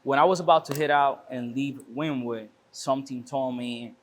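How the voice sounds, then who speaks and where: A man's voice: medium pitch, fairly even intonation, normal speed. A man guest on an interview show, telling a personal story casually, stumbling and restarting and often calling the host bro. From Miami. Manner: repeats words, restarts often, says "bro". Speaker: podcast guest, shop owner.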